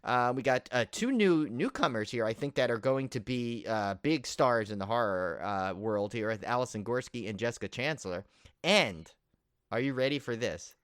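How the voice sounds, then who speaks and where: A man's voice: mid-range voice, lively intonation, normal speed, clean tone, no room sound, studio quality. Rambling, enthusiastic male co-host. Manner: rambling, full of "uh" fillers and restarts, enthusiastic. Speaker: podcast co-host. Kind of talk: casual chat.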